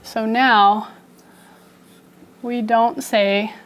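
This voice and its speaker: A woman's voice: fairly high pitch, steady tone, drawn-out words, a little hiss or hum. A young woman teacher giving a playful, story-style phonics lesson to children in a classroom. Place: classroom with kids.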